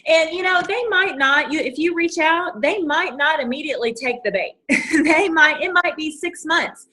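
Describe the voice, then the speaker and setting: A woman's voice: high voice, normal speed, pushed and bright. A woman with a Southern US accent, co-hosting a casual chat, talking in a chatty way full of fillers and restarts. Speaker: co-host.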